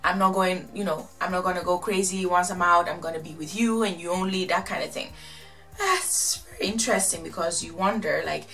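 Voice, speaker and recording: A woman casually recapping and commenting on a reality show, chatty and animated, acting out what the people said. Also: medium pitch, creaky. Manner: chatty, animated, quotes people in exaggerated voices.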